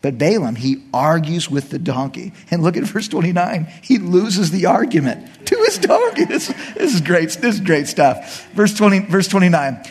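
A man preaching a sermon, retelling a scripture story as an animated, joking storyteller. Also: fairly high pitch, normal speed, breathy edge. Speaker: pastor.

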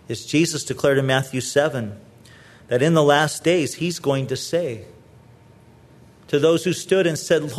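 A man preaching a sermon, earnest and pleading, often repeating words as he presses his point. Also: a little high. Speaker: pastor.

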